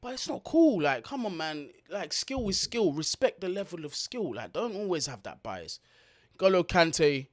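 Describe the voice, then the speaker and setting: A man's voice: fairly high pitch, very animated, measured pace, fairly bright tone. A man hosting a football watch-along, giving blunt, slangy live commentary, swearing freely and talking straight to his viewers.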